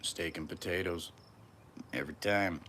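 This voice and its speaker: Low-voiced man musing on a noisy live stream. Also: measured pace, a bit bright. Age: 30s. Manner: musing, profane, wandering monologue. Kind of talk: rambling solo live stream. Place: outdoors on a hot day.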